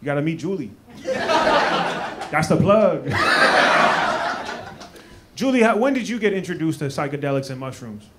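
High-pitched guy comic teasing the crowd, loud and laughing, noisy live club sound. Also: sing-song, a little slow, long pauses. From Maryland, USA. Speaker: stand-up comedian. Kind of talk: crowd work. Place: comedy club stage. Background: audience laughter.

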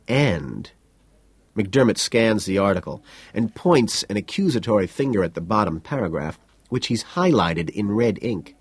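A man reading a novel aloud as an audiobook, in an even, understated first-person narration. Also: fairly low pitch, normal speed, husky, dry recording. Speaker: audiobook reader.

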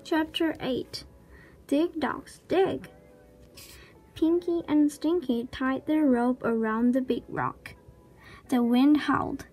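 A woman reading a children's chapter book aloud with slow, clear storytelling. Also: sits high, darkish tone. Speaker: reader.

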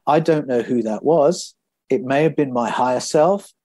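A man in a podcast interview shares personal experiences in a calm, reflective way. His voice is relaxed and mellow, at an ordinary pitch. The sound is dry and close with no room to it. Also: normal speed, husky, no room sound. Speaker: author guest.

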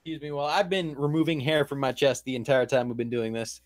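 Male co-host, mid-pitched voice, quick teasing cracks in loose stream banter. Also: fairly even intonation. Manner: teasing, crude wisecracks. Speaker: podcast co-host. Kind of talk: casual stream chat.

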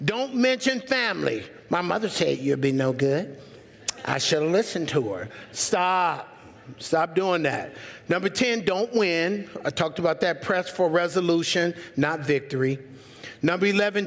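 A pastor preaches to his congregation with a high, swooping voice, swinging from soaring highs to low, quiet asides. He jokes and calls out to the people in the pews, and his voice rings out into a long reverb in the church sanctuary. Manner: animated, humorous, talks straight to the congregation. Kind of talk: sermon.

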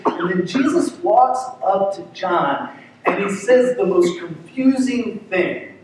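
Guy pastor preaching, a bit high voice, super echoey church, mic kinda far off. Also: a little hiss or hum. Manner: earnest, conversational preaching with repeated words. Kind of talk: sermon. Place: church sanctuary.

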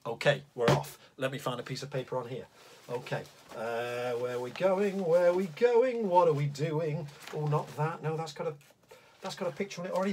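A man hosting a children's drawing show, reading a comic poem aloud in a playful voice, then chatting as he sets up to draw. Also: a little hiss or hum. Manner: lively and playful, swooping pitch.

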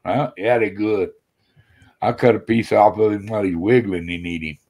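A man's voice: on the low side, steady tone, normal speed, a little mellow, no room sound. A man who grew up in the US Gulf South and works as a chef, chatting in a folksy, slangy, rambling way as a caller on a live show. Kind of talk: casual chat.

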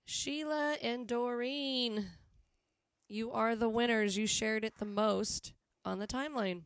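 A woman's voice: a little high, slow pace, smooth, dry recording. A woman with a Southern US accent hosting a live music stream, chatty and teasing, laughing often. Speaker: host of a live music show. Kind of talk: casual live-stream chat.

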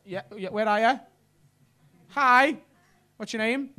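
A man's voice: very high voice, slow pace, bright, forceful tone. A man with a Liverpool accent doing stand-up crowd work on a comedy club stage, cheeky and sweary as he banters with the audience.

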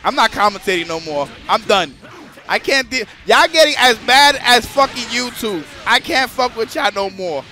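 A man's voice: very high voice, animated, moderate pace, pushed and bright, faint music behind. A man casually commentating a live stream, joking crudely and talking straight to the chat.

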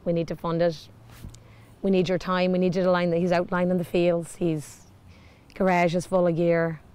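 Earnest woman, smooth low voice. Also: little pitch movement, normal speed, a little mellow. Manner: earnest, heartfelt. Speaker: team member. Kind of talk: interview.

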